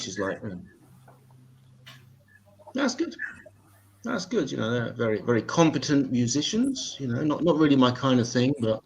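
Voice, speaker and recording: A man hosting an open mic night and doing a stand-up set at home, with deadpan, sweary, mock-serious asides. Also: mid-range voice, a little hiss or hum. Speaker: open mic host and comedian. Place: home in Italy.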